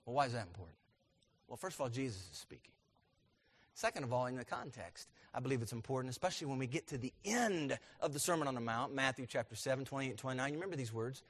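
A man preaching a sermon as pastor, asking his congregation questions and building to loud, emphatic peaks. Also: medium pitch, expressive, fast.

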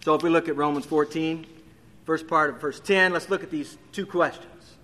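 Man, preacher, expository sermon, emphatic rising questions, high-pitched, long hall reverb. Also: steady tone, moderate pace, sharp tone.

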